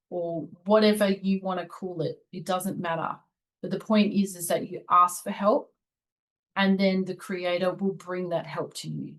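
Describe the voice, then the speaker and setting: A woman in a casual spiritual talk, at a middle pitch for a woman. She speaks earnestly and shares personal stories in a confiding way. She gets animated when she recalls the moments that frustrated her. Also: rough recording. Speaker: spiritual channel host. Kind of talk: casual spiritual commentary and book reading.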